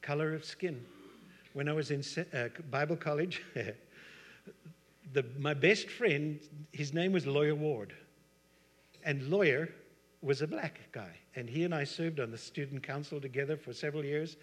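A middle-aged pastor with a South African accent delivers a sermon in a slightly high, unhurried voice. He keeps it conversational, slipping in asides and rhetorical questions for the congregation, and a long hall reverb hangs on the recording.

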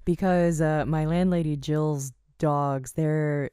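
A woman chatting on a casual podcast in her apartment, with a low, even voice. She pauses and starts over often. The recording is dry and close. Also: clear, resonant tone, no echo. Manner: hesitant, many fillers and restarts. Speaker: podcast co-host. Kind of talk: casual chat.

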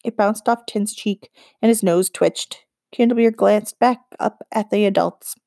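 A woman narrating a children's fantasy novel as an audiobook, in a measured storytelling read. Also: mid-range voice, creaky, mellow, no room sound, clean studio sound. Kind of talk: scripted narration.

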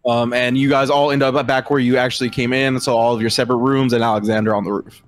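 A man's voice: mid-range voice, little pitch movement, quick pace, faint music behind. A man narrating as game master of a tabletop role-playing game, voicing the characters now and then.

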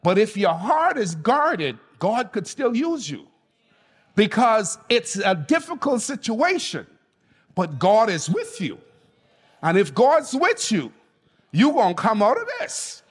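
A man's voice: high voice, huge pitch swings, takes it slowly, breathy edge, big-room sound. A man preaching a sermon as pastor, speaking emphatically and calling on the congregation to respond. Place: church.

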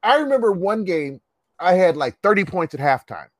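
A man with a high, lively voice tells stories from his teenage years in casual conversation. He swears freely and jumps into other people's voices with big leaps in pitch. The sound is dry and close. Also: normal speed, no room sound. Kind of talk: casual storytelling chat.

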